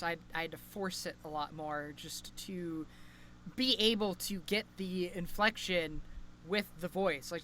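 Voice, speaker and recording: A man's voice: high-pitched, pushed and bright, a little hiss or hum. A young man co-hosting a podcast over a call, rambling casually with lots of fillers and restarts. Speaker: podcast co-host. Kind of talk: casual chat.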